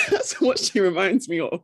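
A podcast co-host in casual chat, joking and slipping into mocking impressions with quick asides. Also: mid-range voice.

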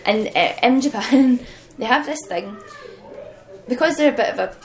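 A young woman, a wrestler, telling lively stories as an interview guest and laughing often. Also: fairly high pitch, normal speed, low-quality recording. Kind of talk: casual anecdotal storytelling.

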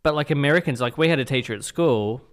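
A man's voice: medium pitch, quick pace, smooth. An Australian man co-hosting a podcast, chatting casually and sharing strong opinions. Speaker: podcast co-host. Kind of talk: casual chat.

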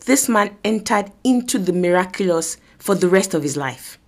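A woman's voice: medium pitch, expressive, normal speed. A woman with a Nigerian accent preaching an earnest sermon, exhorting listeners and acting out voices from scripture. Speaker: preacher and podcast host.

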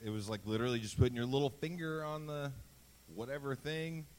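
A man hosting a live comedy podcast on stage, telling self-mocking stories in an animated way. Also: medium pitch, a little fast, slight background noise. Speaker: podcast host. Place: live stage before an audience.

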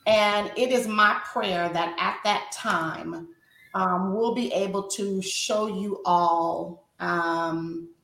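A woman coach speaking slowly in an earnest, preacherly way, her tone bright and forceful. She fills her pauses with "um" and encourages listeners in matters of faith. The sound bounces around a roomy, echoing space. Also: mid-range voice, fairly even intonation, vocal fry. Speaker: wife coach and show co-host.

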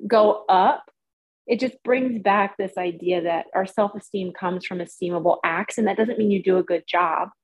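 A woman co-hosting a podcast, telling a rambling, animated story in casual chat. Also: medium pitch, normal speed, slight background noise, rough recording. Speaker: podcast co-host.

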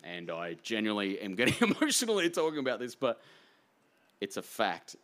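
A man with an Australian accent, an author telling heartfelt stories in an earnest, rambling way that swings between hushed and animated. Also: lowish voice, brisk. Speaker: author guest. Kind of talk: emotional anecdotal storytelling.

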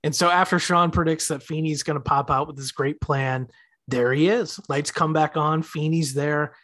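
Animated man in his thirties retelling scenes. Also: fairly high pitch, moderate pace. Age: 30s. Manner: animated, acts out characters' lines while retelling. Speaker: podcast co-host. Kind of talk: casual chat recapping a TV episode.

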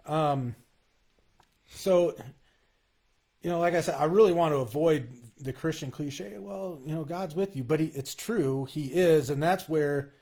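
A man in a casual, earnest conversation about faith, talking in halting bursts with frequent restarts. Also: fairly high pitch, dark tone, breathy edge.

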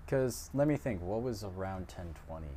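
A man co-hosting a casual podcast chat, rambling through half-remembered history, quick to correct the others and swearing casually. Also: lowish voice, animated, mellow, a little hiss or hum. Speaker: podcast co-host.

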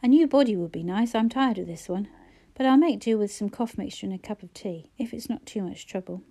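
A woman's voice: medium pitch, brisk, dark tone, close to an everyday voice. A woman reading a wry, flu-sick woman. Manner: dry, wry humour. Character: woman, ill with flu, wry and self-mocking.

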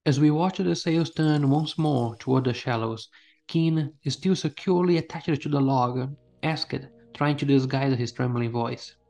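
A man reading a first-person adventure story in a steady storytelling manner. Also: mid-range voice, a little slow, creaky. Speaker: narrator. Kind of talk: scripted story narration.

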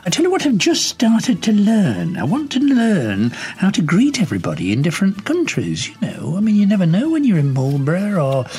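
A man's voice: high voice, wildly swooping pitch, normal speed, darkish tone, husky, faint music behind, pitched above the performer's own voice, exaggerated voice. A man voicing an elderly woman caller who lives alone, chatting and giggling in a comic phone-in sketch. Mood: chatty. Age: older.

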